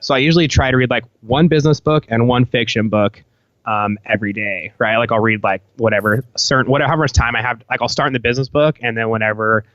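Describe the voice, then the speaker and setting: A man's voice: mid-range voice, fast, fairly bright tone, dry recording. Laid-back rambling man, muffled audio. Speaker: podcast guest, apparel company founder. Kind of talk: casual podcast chat.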